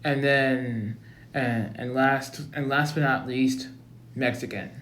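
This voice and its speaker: A man's voice: mid-range voice, steady tone, takes it slowly, fairly bright tone. A young man hosting a casual comedy chat, hesitant and repeating himself often. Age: young adult. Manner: hesitant, many fillers and restarts. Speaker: host. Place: library room. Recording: echoey room.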